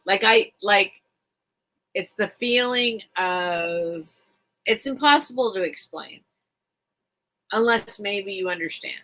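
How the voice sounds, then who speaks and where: Slow-talking bright-voiced woman chatting live. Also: on the low side. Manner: emotional, rambling, repeats herself. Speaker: live-stream seller and host. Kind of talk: casual live-stream chat with viewers.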